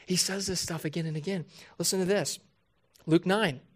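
A man preaching a sermon as a pastor, talking conversationally to his congregation, asking rhetorical questions and slowing down to drive key points home. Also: sits high, steady tone. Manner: emphatic, slows down to stress key points.

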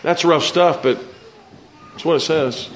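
Preaching to his congregation in a conversational style, a pastor with a fairly high, unhurried voice poses questions to the church and performs the voices of the people he quotes. He tends to repeat words as he begins sentences, and there's a bit of hiss or hum in the recording.

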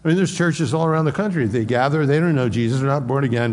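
A man's voice: a little high, quick pace, hardly any pauses, darkish tone, in a large hall. A man preaching an expository sermon as pastor, conversational and acting out quoted speech.

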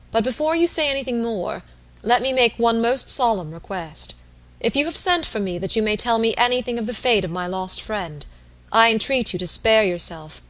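A woman reading aloud as an earnest young gentleman, formal and firm, pleading with a sick man. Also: medium pitch, lightly acted, rough recording.

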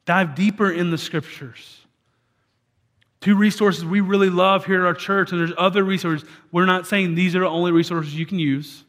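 A man's voice: high-pitched, steady tone, normal speed, a bit bright. A man preaching a sermon as a church pastor, talking in a conversational way with frequent restarts.

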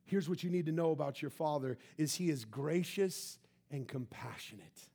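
A man preaching a sermon, emphatic, rising loud then dropping soft. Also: on the high side, animated, normal speed, husky. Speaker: pastor.

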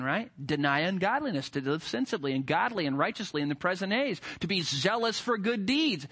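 Forceful, animated male preacher. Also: sits high. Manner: animated, rising emphasis, rhetorical questions. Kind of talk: sermon.

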